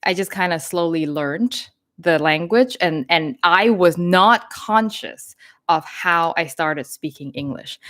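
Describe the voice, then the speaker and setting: A woman from Thailand with a North American accent, Thai her first language, chatting and laughing as host of a live Q&A. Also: on the low side. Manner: chatty, laughing, lively storytelling. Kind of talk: live Q&A chat.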